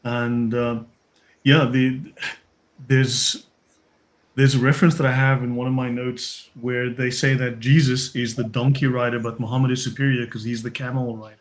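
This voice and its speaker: A man's voice: mid-range voice, level tone, normal speed. A man hosting a live stream panel discussion, steering the talk and reading out donations. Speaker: host.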